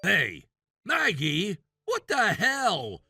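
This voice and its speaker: An entitled jobless brother-in-law in his thirties, voiced by a man, barking demands in a high, bright, tense voice. He speaks slowly, his pitch swinging wide as he scolds. The sound is dry and close, with faint music behind. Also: wildly swooping pitch, slightly rough, no room sound, exaggerated voice. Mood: angry. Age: 30s. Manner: demanding, yelling insults. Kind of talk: text message story voice.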